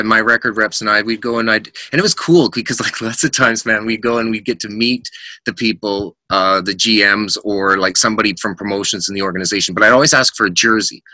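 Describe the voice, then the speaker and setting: As a podcast guest, a middle-aged man shares rock-tour stories in a forceful, bright voice with a slightly low pitch. He tells animated anecdotes, imitates other people's voices for quotes, and laughs often. The recording is dry and close, with no room sound.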